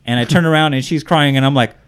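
A man's voice: a little high, quick pace, clean tone. A man in his thirties telling a story in casual chat, acting out quotes and swearing freely. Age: 30s. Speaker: podcast co-host.

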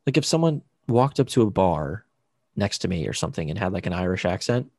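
Man, American, podcast co-host, rambling casual chat, husky, dark tone. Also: sits low, sing-song, fairly quick, no echo, clean studio sound. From United States. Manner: rambling, laughing, swearing freely.

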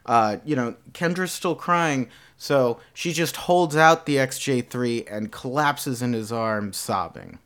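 A man casually brainstorming a comedy script with a friend, reading lines aloud slowly as he types and laughing often. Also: mid-range voice, a bit bright, smooth.

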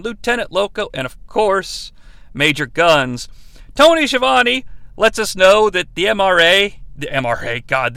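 A podcast host running through a comedic recap, sarcastic and irreverent, with the odd curse word thrown in. His voice is high for a man, with a gravelly, bright edge. The recording is dry and close. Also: no echo.

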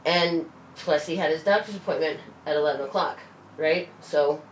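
A woman telling stories in casual chat, animated and quick to swear and laugh. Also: sits low, distant mic. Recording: roomy, off-mic, faint hiss.

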